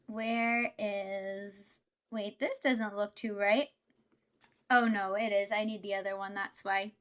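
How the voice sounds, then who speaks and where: A woman's voice: medium pitch, steady tone, slow, a bit bright. A woman livestreamer chatting casually and laughing often, thinking aloud as she builds Lego.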